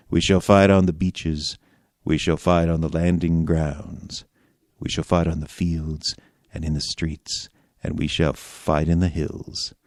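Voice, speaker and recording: A man reading in a low, sultry, mock-romantic voice for a comic bit. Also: no echo, studio quality.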